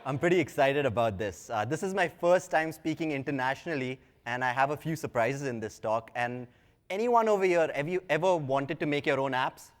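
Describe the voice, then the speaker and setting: A young man talks through a tech session on stage in a loose, conversational way, dropping wry little asides. His voice sits at an ordinary middle pitch. A long reverb from the big hall trails after his words. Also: moderate pace. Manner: casual, chatty, self-deprecating asides. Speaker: conference speaker. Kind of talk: live tech conference talk. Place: large conference hall.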